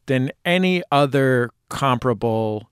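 A man interviewing a guest for radio, asking measured, thoughtful questions. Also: medium pitch, animated, clear, resonant tone, no echo, studio quality.

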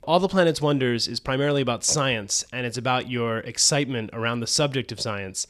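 A man's voice: medium pitch, a little fast, fairly bright tone, no echo, studio quality. A man hosting a radio talk show who chats and jokes with his guest. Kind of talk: casual radio interview.

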